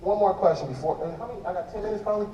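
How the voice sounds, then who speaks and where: A man with a high, mellow voice speaks rapid-fire, giving loose, slangy, rambling answers about his drumming to an audience from a big indoor hall stage and restarting his sentences. The faraway recording sounds dull and echoey, with slight background noise.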